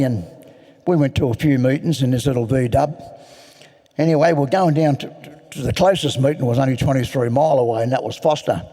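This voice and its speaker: A man's voice: medium pitch, mellow. An older man rambling through a self-mocking personal story at a recovery meeting. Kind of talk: personal story told to an audience. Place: large hall. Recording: echoey large hall.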